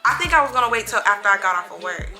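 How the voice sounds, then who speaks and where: A young woman recounts a personal story for her vlog, with a bright, forceful tone. She tells it dramatically and acts out the voices of the people in it. Soft music plays faintly behind her. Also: medium pitch, very fast, poor audio. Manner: animated, dramatic retelling that acts out quoted voices. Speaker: vlogger.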